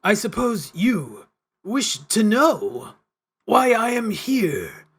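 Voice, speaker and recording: A man voicing a mysterious stranger in red gloves who speaks with a grating, unearthly cadence and long pauses between phrases. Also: sits high, huge pitch swings, fairly bright tone, husky, voice pushed up, heavily acted. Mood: ominous. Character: eerie man in red gloves, unnatural speech.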